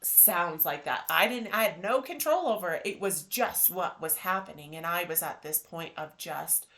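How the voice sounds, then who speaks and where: A woman in her thirties, hosting a podcast and telling a personal story in an animated, emotional way. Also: lowish voice, moderate pace. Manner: emotional, animated retelling with acted quotes. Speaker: podcast host.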